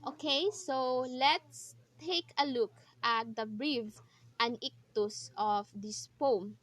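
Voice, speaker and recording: A young woman talks through a poetry analysis for a class assignment, explaining one step at a time and fixing her own slips along the way. Her voice sits a little high, and her pace is slow and deliberate. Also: a bit bright. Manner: slow, careful explaining with frequent restarts and self-corrections. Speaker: student presenting a poetry analysis. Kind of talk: recorded class report.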